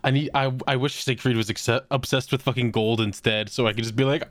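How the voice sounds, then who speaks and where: A podcast co-host trading deadpan, crude jokes in comedic banter. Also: mid-range voice, a little fast, hardly any pauses, dry recording. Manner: deadpan jokes, bursts into mock voices.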